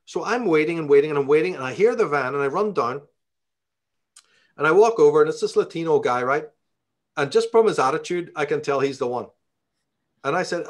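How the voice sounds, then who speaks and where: A man's voice: fairly high pitch, animated, fairly quick, pauses often. A middle-aged man from Northern Ireland with a Belfast accent, telling a profane, ranting story as an interview guest. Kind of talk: storytelling in conversation.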